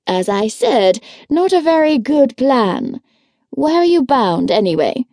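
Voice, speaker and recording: Her voice is high-pitched, sing-song, warm and exaggerated, delivered at a measured pace with no room sound. The woman narrating the audiobook is performing a young male curate's voice. She plays him as dry, teasing and matter-of-fact, in a wry mood.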